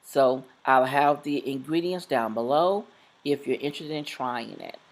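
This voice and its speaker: A woman's voice: very deep voice, measured pace, rough recording. A woman hosting her home cooking vlog, chatting through her ingredients in a plain show-and-tell way. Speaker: cooking channel host. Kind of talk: casual cooking vlog narration.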